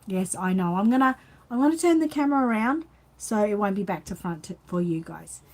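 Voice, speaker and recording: A woman's voice: mid-range voice, lively intonation, a little fast, noisy background. An Australian woman hosting a casual live chat, rambling and reading out viewer comments while tired and yawning. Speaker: channel host.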